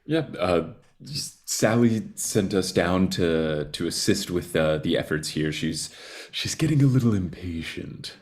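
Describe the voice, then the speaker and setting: Low-voiced man, rambling and hesitant. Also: expressive, a little slow, few pauses. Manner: hesitant, rambling, with many restarts. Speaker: player. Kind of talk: improvised tabletop role-play.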